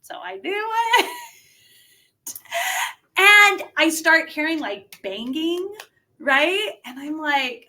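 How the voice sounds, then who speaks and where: A woman wrestler telling a story casually as a podcast guest, animated and laughing, with lots of filler words. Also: high voice, slow.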